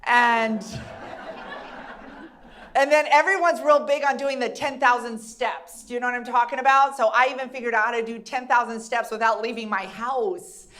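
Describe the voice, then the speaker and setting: A woman's voice: on the high side, steady tone, moderate pace, a bit bright. A woman doing a stand-up comedy routine, chatty and teasing the crowd with questions.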